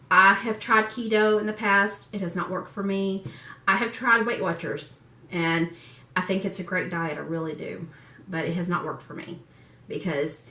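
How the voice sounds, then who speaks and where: In a personal vlog filmed in a room at home, a woman in her forties speaks candidly and emotionally, laughing often. Her voice is mid-range with a sharp tone, and the recording sounds echoey, as if she is far from the mic.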